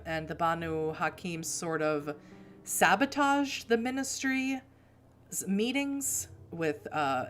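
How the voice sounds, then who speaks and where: A woman's voice: lowish voice, a bit bright. A woman from Boston, a streamer, chatting casually with rambling asides while reading a game aloud. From Boston, USA.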